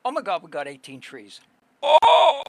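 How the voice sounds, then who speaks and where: A man's voice: a little high, a little slow, bright, forceful tone, dry recording. A man live-streaming, chatting casually with his viewers in a rambling way, full of fillers and restarts. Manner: rambling, filler-heavy, talks to chat.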